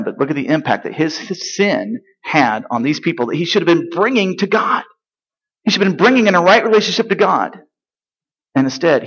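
A man's voice: medium pitch, gravelly, fairly bright tone, husky, highs cut off. A man preaching a sermon in a conversational way, with rhetorical questions and dry sarcasm. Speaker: pastor.

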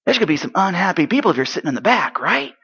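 A man playing an eager eight-year-old boy from Galilee in a dramatic first-person monologue, chatty and excitable, sometimes dropping to hushed asides. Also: high voice, very fast, gravelly, slightly rough, heavily acted. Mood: wide-eyed excitement. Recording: dull lo-fi recording.

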